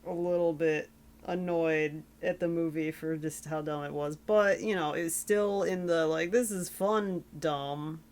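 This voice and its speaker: A woman's voice: low-pitched, fairly even intonation, moderate pace, darkish tone. Sleepy woman making wry asides. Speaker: podcast co-host. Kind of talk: casual movie review chat.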